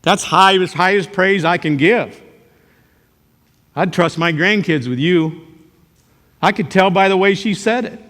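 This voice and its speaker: An older man, a teacher, giving a motivational talk to a live audience, telling jokey stories with sudden loud outbursts. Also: high-pitched, unhurried, long pauses. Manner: animated storytelling, joking, sudden loud outbursts. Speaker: character education teacher and speaker. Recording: reverberant hall.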